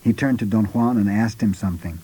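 A man narrating an audiobook in a measured, unhurried reading. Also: on the low side, mellow, husky, low-quality recording.

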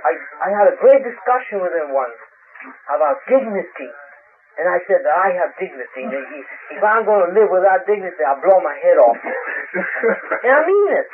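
A man answering interview questions, telling stories in a halting way and searching for words, heard on a tinny, hissy old radio recording. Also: sits high. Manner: animated storyteller. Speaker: interview guest.

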